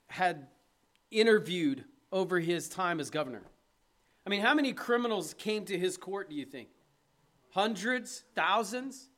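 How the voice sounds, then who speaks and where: A man's voice: high voice, pushed and bright. A man preaching an emphatic sermon, reading scripture aloud and putting rhetorical questions to his listeners.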